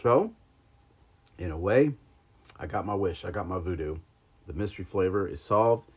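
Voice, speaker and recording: A man's voice: low voice, animated, moderate pace, husky. A man hosting a livestream, chatting casually and rambling with lots of ums and likes while taste-testing sodas. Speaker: podcast host. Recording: slightly dull lo-fi stream audio.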